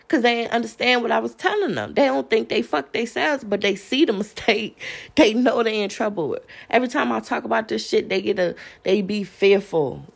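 A woman's voice: mid-range voice, vocal fry. Profane, heated New woman ranting. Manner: profane, confrontational, laughs between jabs. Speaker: podcast host. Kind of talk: heated solo rant.

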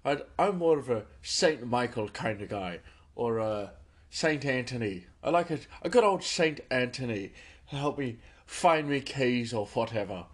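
A cheerful put-on irishman, as a man hams it up, lilting and bouncy, recorded on a phone headset mic, with an ordinary pitch and a lively delivery. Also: measured pace. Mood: hammy, jolly. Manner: sing-song, high, overdone stage brogue. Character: jolly put-on Irishman, hamming it up. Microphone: phone headphone mic.

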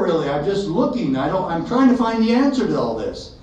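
A man telling a story to an audience in a lively way, acting out the dialogue. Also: high-pitched, fairly quick. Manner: animated, acts out dialogue. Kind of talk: storytelling talk. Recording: echoey hall from far off, dull sound.

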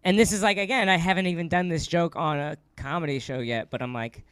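A young adult man, a stand-up comedian, telling a story in casual chat with lots of fillers and quick laughs. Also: a little high, fairly bright tone, clear, resonant tone, dry recording.

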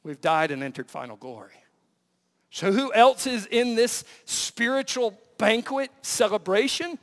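A man preaching a sermon as pastor, full of rhetorical questions and swinging between loud emphasis and hushed lines. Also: sits high, big-room sound.

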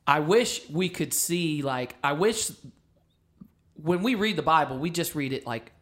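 Animated man telling stories. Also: on the high side, a little slow. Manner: animated storyteller, acts out quotes. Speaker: podcast co-host. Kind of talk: casual chat.

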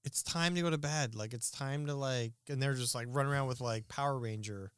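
A man's voice: mid-range voice, brisk, clear, resonant tone, dry recording, clean studio sound. A man co-hosting a podcast, chatting casually, agreeing often and asking quizzical questions. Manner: agreeable, frequent interjections, quizzical. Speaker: podcast co-host. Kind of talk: casual chat.

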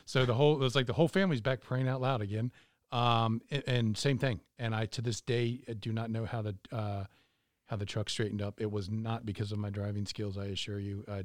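Low-voiced middle-aged man. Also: steady tone, no room sound, studio quality. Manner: measured, many uh fillers. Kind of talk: casual storytelling.

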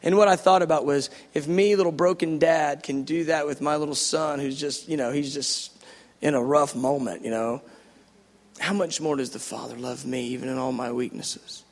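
A middle-aged man preaching a sermon, impassioned, building to loud repeated phrases and then dropping to a hush. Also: fairly high pitch, steady tone, normal speed, big-room sound.

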